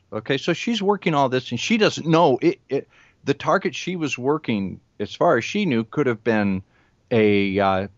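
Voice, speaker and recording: A man's voice: mid-range voice, dry recording. Earnest older man, dry lo-fi sound. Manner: earnest, storytelling, with restarts. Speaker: television news reporter and remote viewer. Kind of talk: conversational interview talk. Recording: dull lo-fi audio, dry.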